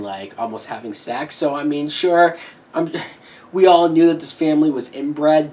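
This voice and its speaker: A woman reviewing a movie in a heated, profane rant, with sudden shouted peaks. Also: low voice, distant mic. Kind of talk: ranting film review.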